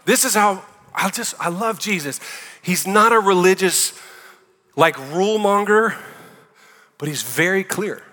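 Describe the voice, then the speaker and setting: A man's voice: sits high, lively intonation, a little slow, long pauses, bright, forceful tone. A male pastor with a Southern US accent preaching a sermon in a conversational way, with joking asides. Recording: long hall reverb.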